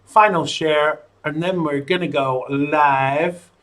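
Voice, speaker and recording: A man's voice: a little high, fairly even intonation, slow pace, a bit bright. A man hosting a live-streamed talk show, chatting in a playful, jokey way as he sets up the broadcast. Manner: playful, jokey, self-amused.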